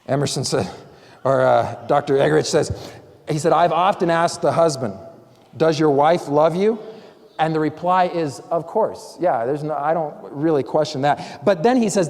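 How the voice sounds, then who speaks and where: Pastor preaching in a reverberant church. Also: male voice, on the high side, vocal fry, darkish tone. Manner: conversational preaching with acted-out quotes. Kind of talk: sermon. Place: church sanctuary. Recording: long church hall reverb.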